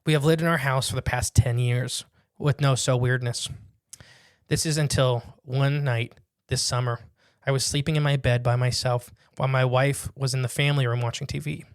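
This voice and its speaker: A man's voice: medium pitch, fairly even intonation, clear, resonant tone, dry recording, clean studio sound. Man reading a listener's story aloud. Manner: reads quickly with asides and jokes. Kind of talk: casual podcast chat, reading a submission aloud.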